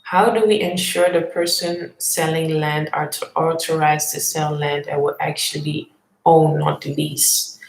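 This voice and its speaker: Low gravelly woman live-streaming. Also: flat delivery, a little slow, reverberant, low-quality recording. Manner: thoughtful, hesitant, many fillers. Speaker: vlog host answering live chat questions. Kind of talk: casual live-stream chat.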